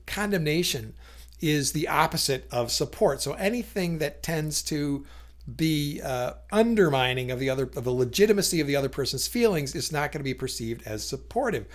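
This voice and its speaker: A man with a somewhat raised voice talks through a topic in a casual, explanatory way. He is thoughtful, stumbles into restarts and fillers, and now and then acts out short quoted remarks. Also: a little high. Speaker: educator explaining communication. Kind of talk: casual explanatory talk to camera.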